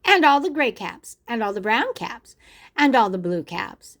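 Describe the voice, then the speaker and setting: Expressive grandmother reading a storybook aloud. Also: on the high side, measured pace. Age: older. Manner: expressive, asks the listener questions. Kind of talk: reading a picture book aloud to children.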